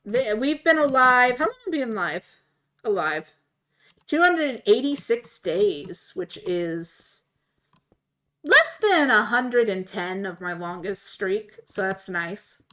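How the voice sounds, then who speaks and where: A woman streamer casually retelling a tabletop game story while playing, animated and laughing often. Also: mid-range voice, slow, a little hiss or hum. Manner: animated, laughing, voices quoted characters.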